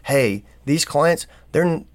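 A man's voice: a little high, expressive, slow pace, no echo. A man co-hosting a podcast, giving earnest advice in casual talk, full of rhetorical questions and small stories. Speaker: podcast co-host.

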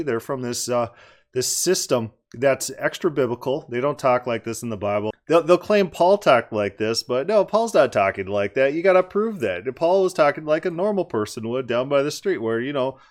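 A man giving critical commentary on a debate clip, emphatic and argumentative, repeating words for stress. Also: medium pitch.

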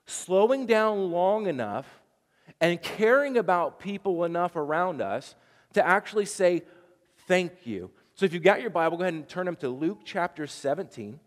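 High-voiced stammering pastor in a reverberant hall. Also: male voice, lively intonation, moderate pace. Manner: storytelling with frequent stammered restarts, chatty. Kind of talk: sermon.

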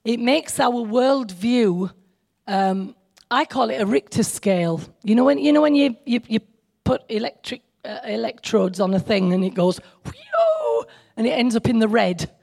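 A woman's voice: on the high side, moderate pace, vocal fry, darkish tone. A woman giving an informal, chatty sermon, joking with her listeners and teasing herself. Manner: chatty, joking, self-deprecating, speaks to the audience directly. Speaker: speaker at a church meeting.

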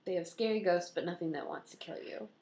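A woman co-hosting a podcast, chatting casually, playful and quick to laugh. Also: on the low side, gravelly, dark tone. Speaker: podcast co-host. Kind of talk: casual chat. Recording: echoey room.

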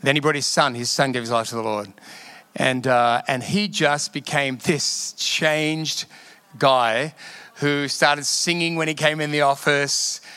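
A middle-aged pastor from Australia delivers a sermon full of personal stories. His voice is bright and sits a touch high for a man. He tells the stories with animated emphasis and laughs often along the way. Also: measured pace, clear, resonant tone, no room sound.

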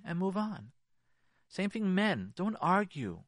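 A man's voice: high-pitched, sing-song, slow, no room sound, clean studio sound. A man giving marriage advice on a radio talk show. He stresses his points, repeats key phrases and acts out what spouses might say. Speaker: marriage counselor.

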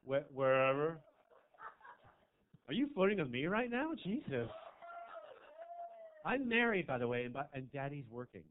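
A male stand-up comedian works a small club crowd with brash, campy banter, jumping between loud outbursts and quiet asides. His voice sits a little high for a man. The recording is thin and narrow, as if heard over a phone line. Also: very animated, moderate pace, pauses often, a little hiss or hum. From American South. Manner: brash, campy crowd work with big swings in loudness. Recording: tinny phone-like audio.

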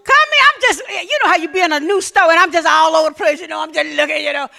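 A woman pastor from Mobile with an Alabama Southern accent, preaching a sermon in a folksy, humorous storytelling manner that swings between loud and hushed. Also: high voice, animated, very fast, creaky, hardly any pauses.

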